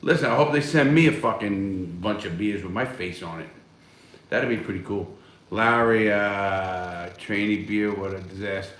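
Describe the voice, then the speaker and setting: A man's voice: on the low side, normal speed, a bit bright, echoey room. A man hosting a casual live stream from home, reading viewer chat and answering in a blunt, rambling way with heavy swearing. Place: at home, smoking a cigar.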